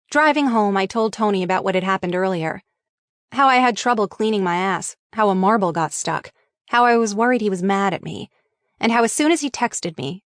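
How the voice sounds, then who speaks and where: A woman's voice: mid-range voice, no echo, clean studio sound. A woman reading her own memoir aloud in a frank, wry and openly profane manner. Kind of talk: audiobook memoir narration.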